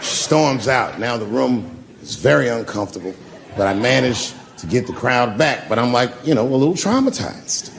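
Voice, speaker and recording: A man's voice: mid-range voice, lively intonation, normal speed, vocal fry, a little hiss or hum. A man doing a stand-up set at a comedy club, telling stories in a laid-back, profane way. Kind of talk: stand-up set with crowd work.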